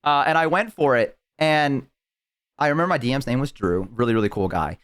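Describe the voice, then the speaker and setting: A young man with a smooth, resonant voice and a middle pitch chats casually on a live stream. He rambles through a story and keeps saying "like" and "um" as he goes. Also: a little fast, a bit bright. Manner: rambling storytelling with many fillers. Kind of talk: casual chat.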